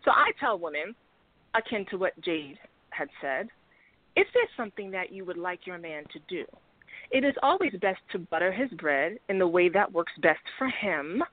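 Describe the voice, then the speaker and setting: A woman's voice: fairly low pitch, very animated, moderate pace. Confident woman lecturing, phone-like sound. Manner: confident, instructive, lecturing women on men. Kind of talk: casual podcast chat. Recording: tinny phone-like audio.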